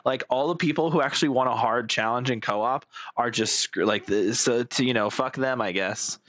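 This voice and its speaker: A man's voice: medium pitch, normal speed, a bit bright, no room sound. A man giving casual reaction commentary as a streamer, blunt, sarcastic and profane.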